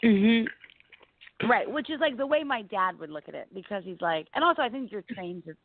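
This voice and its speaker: A young woman comedian telling stories in a casual interview, chatty and animated, full of "like" fillers. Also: medium pitch, a little fast, a little hiss or hum. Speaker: comedian guest. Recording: tinny phone-like line, dry.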